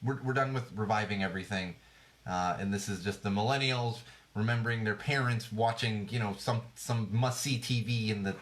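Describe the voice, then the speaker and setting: A man's voice: fairly low pitch, normal speed. A man in his thirties hosting a podcast, rambling casually and sarcastically about TV trends with lots of fillers and restarts. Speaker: podcast host. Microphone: podcast microphone.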